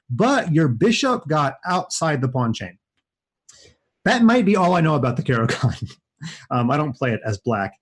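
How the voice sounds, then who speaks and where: Husky, animated man commenting chess for kids. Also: fairly high pitch. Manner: playful, chatty, jokey asides to kids. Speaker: chess streamer playing kids online.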